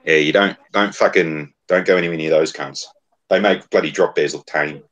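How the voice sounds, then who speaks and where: A man's voice: rumbling low, fairly even intonation, moderate pace, a bit bright, lo-fi sound. An Australian man co-hosting a podcast, telling profane, swaggering stories in casual banter. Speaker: podcast co-host.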